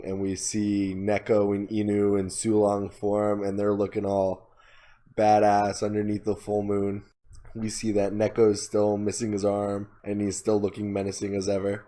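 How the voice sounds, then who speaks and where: A man with a low, fairly flat voice talks through a story recap in a loose, casual way. He quotes characters without changing his voice much and leans on "like" as a filler. His tone is mellow and dark. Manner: casual, retells scenes with many "like" fillers, quoting characters in his own voice. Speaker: podcast co-host.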